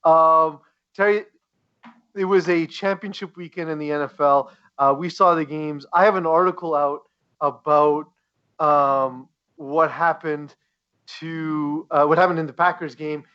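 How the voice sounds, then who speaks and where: A man hosting a casual podcast, joking and animated, often restarting his sentences. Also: a little high, a little slow, dull audio. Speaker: podcast host. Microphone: podcast mic, leans away at times.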